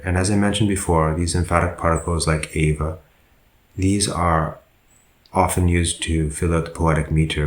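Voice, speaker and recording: A monk teaching a Pāli grammar lesson, working through sentences slowly and methodically and pausing to correct himself. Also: male voice, deep voice, roomy sound, rough recording.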